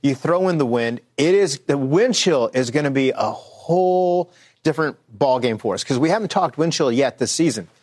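A man's voice: a little high, normal speed. A man meteorologist presenting the weather on air, joking and bantering with his co-host as he explains the forecast. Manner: animated, jokey banter.

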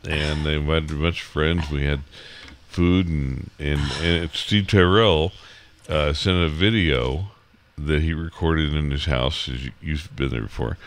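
Deep low guy doing morning radio, stuffy sniffly cold, rambly and halting. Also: steady tone, a little hiss or hum. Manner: rambling, halting with many fillers. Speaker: radio host. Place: radio studio.

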